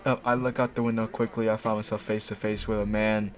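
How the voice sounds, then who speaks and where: A man's voice: on the low side, level tone, fast talker, faint music behind. A young man reading a fanfic aloud and mocking it, sarcastic, swearing often. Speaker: host. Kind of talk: mocking read-aloud commentary.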